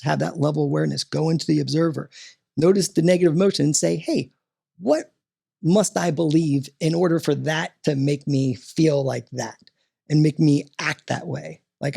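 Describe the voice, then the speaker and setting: A man talking as a podcast guest and coach, animated and motivational, often tossing in "right?" as he talks. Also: fairly high pitch, vocal fry, breathy edge.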